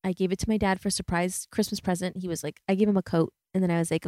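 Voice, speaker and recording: Earnest chatty woman in her thirties, mellow. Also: on the low side, fairly even intonation, racing, no echo, clean studio sound. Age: 30s. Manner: earnest and chatty, full of "like" and "you know". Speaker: podcast host. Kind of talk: reflective solo podcast monologue.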